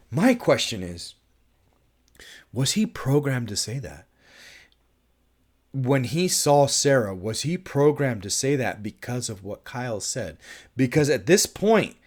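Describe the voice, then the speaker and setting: A man's voice: mid-range voice, sing-song, measured pace. A man reviewing a film in a casual, musing monologue, thinking aloud with restarts and laughs and briefly acting out quoted lines.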